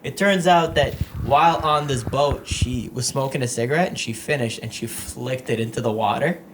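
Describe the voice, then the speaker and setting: A man's voice: mid-range voice, moderate pace, noisy background. A young man hosting a podcast, telling rambling stories in casual chat and laughing often. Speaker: podcast host.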